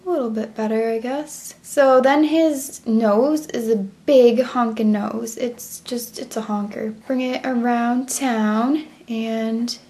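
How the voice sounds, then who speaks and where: In this drawing tutorial, a young woman with a slightly high, mellow voice talks through each step, commenting on her own work in a chatty way and matching her words to her pen. She's unhurried yet hardly pauses.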